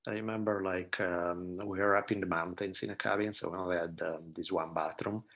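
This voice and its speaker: A low, gravelly man in his forties speaks with a heavy Italian accent. His voice is husky and rough around the edges. He chats casually as a podcast guest, swearing freely and acting out what people said. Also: steady tone, a little fast, fairly bright tone, dull audio. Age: 40s. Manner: laid-back, profane storytelling with acted-out quotes. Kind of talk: casual chat.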